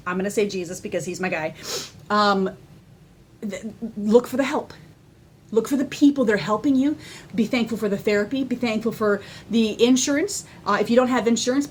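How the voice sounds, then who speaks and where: A woman talking casually to the camera, excitable and candid, often laughing as she tells her story. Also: medium pitch, slight background noise. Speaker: vlogger sharing her personal story.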